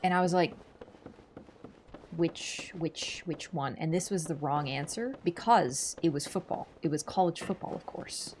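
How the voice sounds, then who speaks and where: A woman's voice: lowish voice, fairly quick, hardly any pauses, a little mellow, a little hiss or hum. A young woman from Canada chatting casually and sarcastically as she livestreams a game, rambling with many asides. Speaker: streamer. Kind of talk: casual livestream chat over gameplay.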